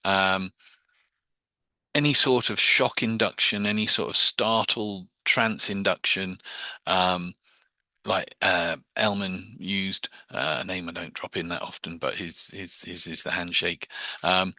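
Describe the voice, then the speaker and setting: A hypnosis teacher with a low, very bright and forward voice explains hypnosis techniques to a group. His informal, chatty delivery is full of restarts and repeated words. The recording is dry and close, with no room sound at all.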